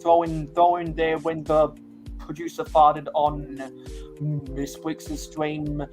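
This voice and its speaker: A man's voice: fairly high pitch, monotone, slow pace, music in the background. A man hosting a casual livestream, agreeable and repeating himself as he talks. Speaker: livestream host.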